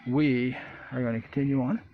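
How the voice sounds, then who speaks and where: Folksy rambling man, casual shop walkthrough, muffled lo-fi sound, loud roosters and traffic behind. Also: mid-range voice, steady tone, a little fast. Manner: folksy, rambling, many fillers. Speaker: vlogger building a boat.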